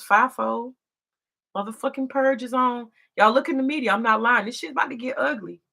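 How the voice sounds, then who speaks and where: A woman from the United States delivers a profane, confrontational vlog rant. Her voice is gravelly and sits slightly high, and her delivery is preachy and cutting. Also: pushed and bright. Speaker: commentator. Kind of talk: ranting vlog commentary.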